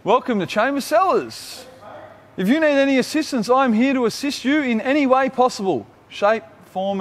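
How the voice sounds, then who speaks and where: A young man in his twenties with an Australian accent, vlogging in a brash, joking way and swearing freely. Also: on the high side. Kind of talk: casual vlog.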